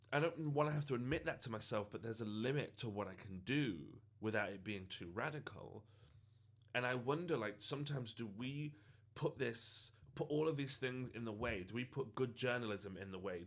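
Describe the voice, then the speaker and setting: A man who makes TikTok content reflects earnestly on a personal story, often using fillers along the way. He speaks at a medium pitch with a slightly bright voice.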